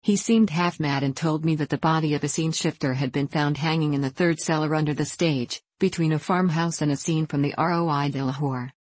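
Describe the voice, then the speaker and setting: A woman reading the memoir of a male opera manager in a formal, measured way. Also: low-pitched, darkish tone, no echo. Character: male opera manager recalling events, formal and matter-of-fact.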